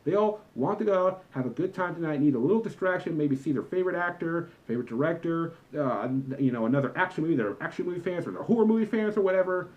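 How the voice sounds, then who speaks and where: A man's voice: fairly high pitch, expressive, fast, hardly any pauses, highs cut off. A young man in a comedic vlog rant about customers, talking in an exasperated, lecturing and emphatic way. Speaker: vlogger, former movie theater employee.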